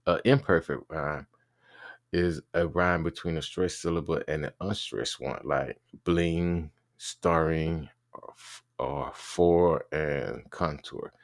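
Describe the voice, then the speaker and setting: A man with an extremely low, gravelly voice talks through an informal lesson. He stops and restarts often and spells words out letter by letter. The sound is dry, with no room echo. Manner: halting, with many fillers and restarts, spelling words out. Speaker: teacher explaining rap rhyme schemes.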